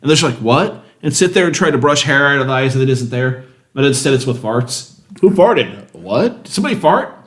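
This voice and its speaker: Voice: medium pitch, steady tone, a little fast, fairly bright tone. A podcast co-host in casual chat, trading crude jokes. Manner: joking, crude banter.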